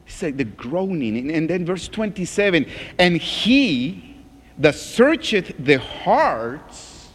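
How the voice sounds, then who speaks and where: Male pastor preaching, high and lively pitch, unhurried, long hall echo. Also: breathy edge. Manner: reads scripture slowly, drops to a hushed groan. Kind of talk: sermon.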